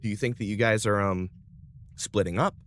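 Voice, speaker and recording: A man's voice: lowish voice, fairly even intonation, normal speed. A man narrating as game master in a tabletop space game, casual with fillers.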